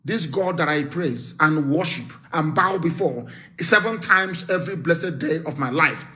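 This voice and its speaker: A man's voice: on the high side, a little slow, pushed and bright. Fiery man. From Nigeria. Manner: fiery, scornful and emphatic, with repeated warnings. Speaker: activist leader. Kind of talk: live political broadcast speech.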